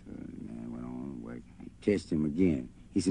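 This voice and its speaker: Over faint guitar, a male storyteller spins a folk tale in a loose, folksy spoken style. His bass voice is warm and husky with vocal fry, and his delivery is animated and brisk.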